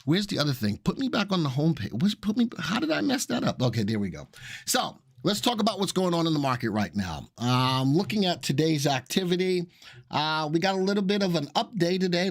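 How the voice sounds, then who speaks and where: A man's voice: fairly high pitch, no echo, studio quality. Chatty man hosting a live stream. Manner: chatty, upbeat, many fillers. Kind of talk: casual live stream talk.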